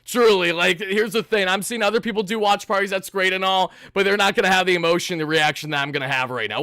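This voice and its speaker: High, gravelly, exuberant fan host. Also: male voice, quick pace, hardly any pauses, no room sound, clean studio sound. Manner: loud, exuberant, repetitive fan ranting. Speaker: sports fan livestream host. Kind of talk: excited postgame livestream commentary.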